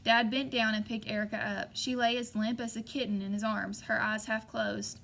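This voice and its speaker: A woman's voice: fairly high pitch, level tone, normal speed, creaky, a bit bright, slight background noise. A woman narrating a novel in the first person, voicing the characters lightly. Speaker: audiobook reader.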